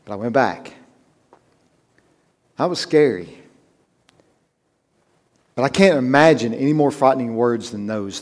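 A man's voice: medium pitch, lively intonation, unhurried, long pauses, darkish tone. Man preaching a story-driven sermon. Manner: conversational storytelling, rising to emphatic urgency.

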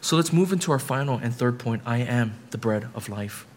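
A man's voice: mid-range voice, expressive, fairly quick. A man preaching a sermon as pastor, building emphatic repetitions and often checking in with the listeners with "right?".

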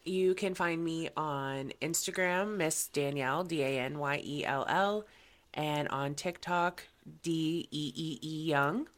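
A woman's voice: sits low, slow pace. A young woman co-hosting a podcast, laid-back and spelling out her handles. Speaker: podcast co-host. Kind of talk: casual podcast chat.

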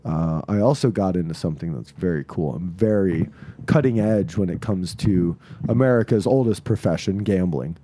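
A man co-hosting a podcast, joking casually with deadpan, mock-serious bits. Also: low voice, normal speed, a little hiss or hum. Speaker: podcast co-host. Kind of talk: casual comedic banter.

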